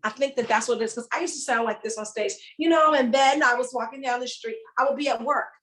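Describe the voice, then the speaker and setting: Woman comedian guest, animated, acts out bits, a touch higher-pitched voice. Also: fast talker, rough recording. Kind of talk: casual chat.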